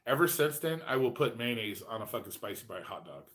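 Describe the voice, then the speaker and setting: A man in his late forties with a mid-range voice hosts a loose livestream chat. He swears freely and rambles through food stories. He gets more animated when he mimics his past self. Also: mid-range voice, fairly quick. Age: 40s. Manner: profane, rambling storyteller. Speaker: host.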